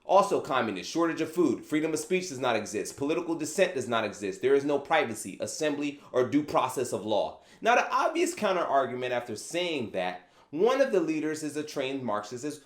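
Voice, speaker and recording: A man hosting his own opinion commentary vlog, animated and sarcastic, asking rhetorical questions. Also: medium pitch, a little fast, few pauses. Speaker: channel host. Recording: echoey room.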